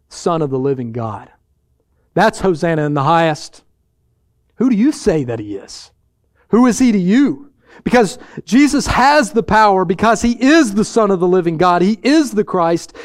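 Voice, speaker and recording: A man preaching a sermon to his congregation, earnest and given to rhetorical questions and soft laughs. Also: high voice, smooth, no echo, clean studio sound. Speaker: pastor.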